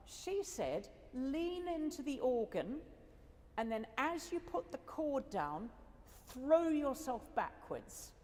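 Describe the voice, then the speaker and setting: A woman's voice: mid-range voice, a little mellow, long reverb tail, slight background noise. A woman organist giving a chatty, enthusiastic talk to an audience after a competition. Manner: chatty and enthusiastic, with laughs and asides. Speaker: organist adjudicator. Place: school hall.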